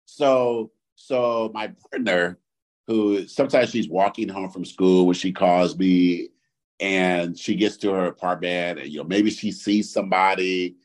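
A man co-hosting a podcast, chatting casually and getting worked up, swearing and jumping to high outbursts when riled. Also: steady tone, measured pace. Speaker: podcast co-host. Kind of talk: casual chat.

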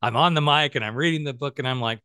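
A man in his forties hosts a relaxed podcast conversation with a bright, forward voice. He tells his stories with energy, slipping into other people's voices and laughing along the way. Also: medium pitch, fast talker, clean tone. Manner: animated storyteller who acts out quotes, laughs often. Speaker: podcast host. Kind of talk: casual chat.

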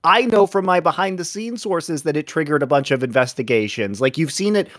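A man's voice: fairly high pitch, lively intonation, a little fast, no room sound, clean studio sound. A man co-hosting a podcast, ranting in an indignant way and swearing. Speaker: podcast co-host. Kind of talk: casual podcast banter.

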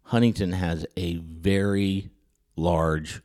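Deep-voiced man telling a story. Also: normal speed. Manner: animated storyteller who acts out quotes, with frequent stammered restarts. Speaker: podcast host. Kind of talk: storytelling anecdote in casual chat.

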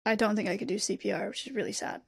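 A young woman co-hosting a podcast in casual chat, halting and repeating words as she thinks aloud. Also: medium pitch, vocal fry, breathy edge. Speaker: podcast co-host.

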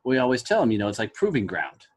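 A man's voice: mid-range voice, wildly swooping pitch, quick pace. A man hosting a podcast in a casual chat. He talks in an easygoing, laid-back way with lots of fillers. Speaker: podcast host.

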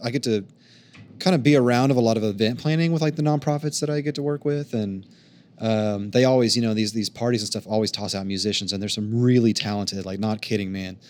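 Male podcast guest, lowish voice, rambling casual chat, repeats himself. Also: quick pace, a little mellow. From Oklahoma. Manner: rambling, repeats words, lots of fillers like "you know" and "man".

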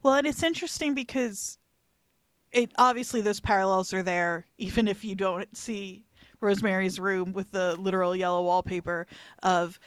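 A woman's voice: medium pitch, fairly bright tone, dry recording. Woman podcaster, dry close sound. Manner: laughs often, quick agreeing backchannels. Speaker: podcast co-host. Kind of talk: casual film discussion podcast.

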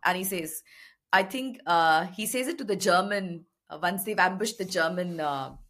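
A woman's voice: fairly low pitch, normal speed, a bit bright. A woman co-hosting a podcast, chatting thoughtfully about a film and laughing at her own lines. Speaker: podcast co-host. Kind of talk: casual film discussion.

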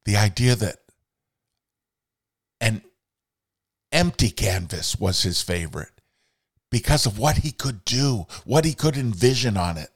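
A man's voice: on the low side, lively intonation, unhurried, long pauses, breathy edge, dry recording, studio quality. An older man hosting a podcast, speaking in an earnest, reflective monologue and quoting passages aloud with feeling. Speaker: podcast host.

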